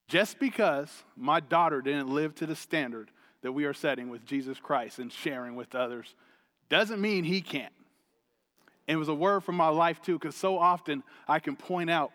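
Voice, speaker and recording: Upbeat pastor guy, slightly high voice, chatty sermon, big echoey hall. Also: moderate pace. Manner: energetic, chatty, laughing often. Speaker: preacher. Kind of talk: sermon with personal story. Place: church hall stage.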